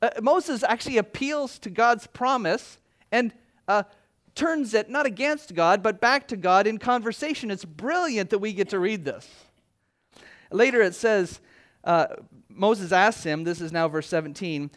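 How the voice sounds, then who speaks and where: A man preaching a sermon, retelling scripture in his own words and acting out the speakers in lively voices. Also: sits high, measured pace. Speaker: pastor.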